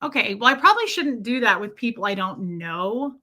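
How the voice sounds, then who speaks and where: A woman streamer telling a story to her viewers in a casual, animated way, laughing often and swearing freely. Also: medium pitch, a little fast. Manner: animated, laughing, lots of profanity.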